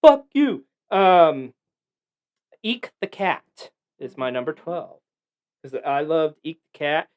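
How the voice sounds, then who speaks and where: A man's voice: a little high, slow. A man hosting a podcast, chatting casually and telling rambling, profanity-filled stories. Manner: animated, profane storytelling; rambling and digressive. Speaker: podcast host. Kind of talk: casual chat.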